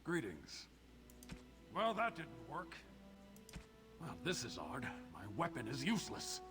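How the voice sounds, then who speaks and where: A man's voice: fairly high pitch, wildly swooping pitch, measured pace, over music. An actor voicing a suave male dwarf hero in a role-playing game, giving short polite greetings and battle barks. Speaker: game character voice.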